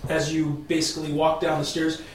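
A man's voice: a little high, monotone, fairly quick, a little hiss or hum. A man narrating as game master in a chatty way, laughing often and restarting sentences. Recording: echoey room, mic far off.

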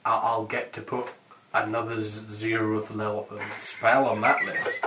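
A man's voice: lowish voice, flat delivery, unhurried. A man playing a tabletop game, trading dry, wry remarks in casual chat. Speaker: player. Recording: roomy, distant, noisy home recording.

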